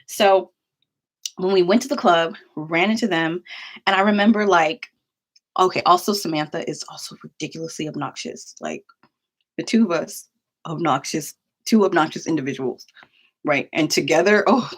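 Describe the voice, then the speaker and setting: A young woman casually telling a personal story to camera, chatty and full of "like" fillers and quick asides. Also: lowish voice. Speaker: vlogger.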